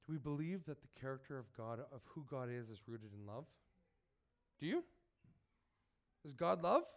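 A man's voice: medium pitch, sing-song, moderate pace. A man who is sick, reading scripture and preaching, earnest and asking his listeners direct questions. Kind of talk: sermon with Bible reading.

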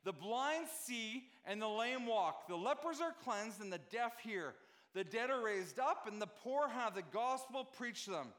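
A man's voice: very high-pitched, lively intonation, a little slow, fairly bright tone. A male pastor giving a conversational sermon to a congregation, often checking in with his listeners.

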